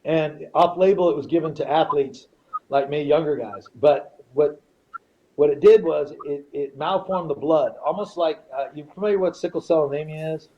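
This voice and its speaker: On a podcast with slightly dull sound and faint noise, a middle-aged male guest with a voice on the high side talks at a moderate pace. His casual, profane storytelling is lively, and he acts out the characters by quoting them.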